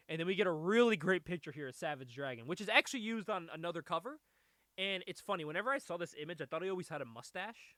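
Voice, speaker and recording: A man hosting a casual comic book podcast, animated and swearing freely, laughing often as he talks. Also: high-pitched, fast, no echo. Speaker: podcast host.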